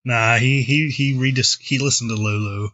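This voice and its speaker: A man in a casual chat making crude deadpan jokes. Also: medium pitch, moderate pace, no echo, highs cut off.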